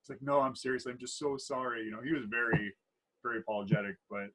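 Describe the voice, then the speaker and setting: Talking fast at medium pitch over background noise, a thirty-something man co-hosts a casual podcast chat. He works as a wedding DJ and MC and tells his stories in a playful, rambling manner with many restarts.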